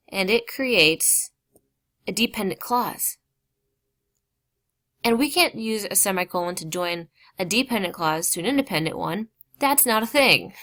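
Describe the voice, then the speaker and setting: A woman teaching a grammar lesson. She explains slowly, stresses key words and drops casual asides. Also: medium pitch, fairly bright tone.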